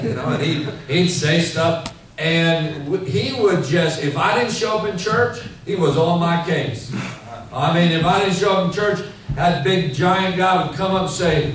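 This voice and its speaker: A man preaching a sermon in a church, telling stories in an animated, rambling way full of fillers. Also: fairly high pitch, normal speed, a crowd in the background. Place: church hall. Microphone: handheld mic. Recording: echoey hall, mic heard from far off, faint noise.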